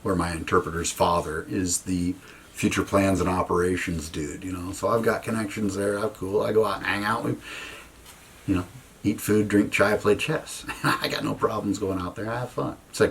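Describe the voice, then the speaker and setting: A military veteran tells a story to an audience in an animated, profane style, acting out the conversations. His voice is low and creaky, at a normal speed.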